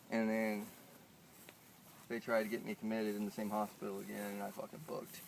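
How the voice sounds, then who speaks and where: A man's voice: fairly low pitch, level tone, fairly quick, creaky, fairly bright tone, a little hiss or hum. Profane, intense young man telling a story. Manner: profane, intense, builds to heated outbursts. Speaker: spoken word performer. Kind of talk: confessional storytelling and spoken word poetry. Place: live show.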